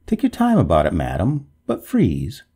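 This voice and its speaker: A coolly triumphant gentleman heir voiced by a man in a storybook reading. He speaks with courteous firmness and dry mockery, his lively pitch riding over a gravelly, husky tone. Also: normal speed, full character voice. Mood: coldly triumphant. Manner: polite, firm, dryly mocking.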